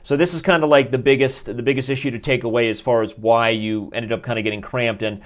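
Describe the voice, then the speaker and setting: A man's voice: mid-range voice, fairly even intonation, quick pace. A man reviewing chess games on a live stream, chatty and jokey, rambling with restarts and asides from his desk. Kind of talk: casual live game review. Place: indoors at a desk.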